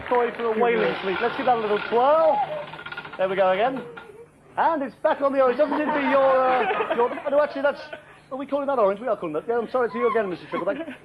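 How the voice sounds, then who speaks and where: A man's voice: extremely high pitch, quick pace, a crowd in the background. A man playing a flustered, apologetic game show host who keeps giggling in a comedy sketch. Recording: dull recording with loud studio audience and noise.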